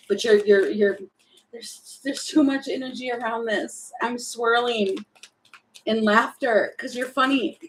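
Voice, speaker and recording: A woman's voice: on the high side, a little slow, slight background noise, low-quality recording. A woman doing a casual, spontaneous tarot reading, thinking aloud, rambling and giggling as she goes. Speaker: tarot reader.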